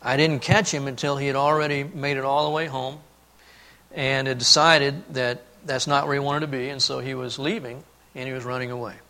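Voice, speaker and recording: A man preaching a sermon, telling a family story and then speaking earnestly and softly about God's love. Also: mid-range voice, level tone, fairly quick. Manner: storytelling, then earnest and hushed on key points. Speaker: pastor.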